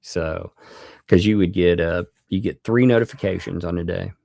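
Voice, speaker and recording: A man's voice: deep voice, moderate pace, vocal fry, warm tone, no room sound, clean studio sound. A man hosting a casual live stream, rambling and chuckling as he thanks each new member in turn. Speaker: livestream host.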